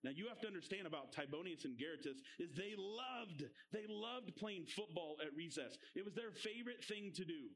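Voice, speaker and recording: A middle-aged man delivers an animated sermon to children, acting out scenes and having them repeat key lines. His voice sits fairly high for a man. A faint background hum runs under his talk. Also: brisk, hardly any pauses, rough recording. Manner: energetic, calls for audience repeat-backs. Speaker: youth pastor. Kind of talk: kids' sermon with live demonstration. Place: indoor room with audience.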